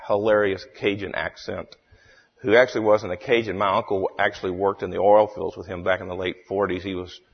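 A man chairing a church meeting, speaking haltingly with many fillers and restarts. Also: fairly low pitch, husky. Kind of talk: formal meeting chairing with a joke. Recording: echoey hall, dull lo-fi sound.

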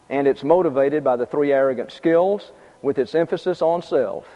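A man preaches in a plain, conversational way, stating points twice and dropping in offhand asides. His voice sits slightly high for a man. The recording is dull and lo-fi, with a long reverb tail from a large hall. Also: moderate pace. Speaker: pastor. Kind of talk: sermon.

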